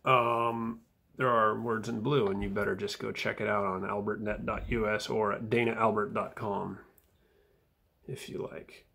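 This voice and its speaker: A man reading his own footnotes aloud in a casual vlog, dry and wry, with fillers and soft mumbled asides. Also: on the low side, level tone, normal speed, gravelly, breathy edge.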